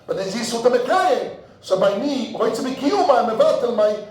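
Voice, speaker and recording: A man's voice: very high-pitched, animated, moderate pace. A man who is a rabbi, giving an in-depth Talmud lecture, weaving Hebrew and Yiddish terms into English and repeating words as he thinks aloud. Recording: very echoey room.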